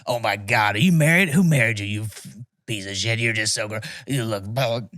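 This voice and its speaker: A man's voice: lowish voice, a little fast, fairly bright tone, no room sound, natural voice. A man voicing an abusive drill instructor who taunts and swears. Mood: taunting. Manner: taunting, profane barking. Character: abusive, foul-mouthed male drill instructor.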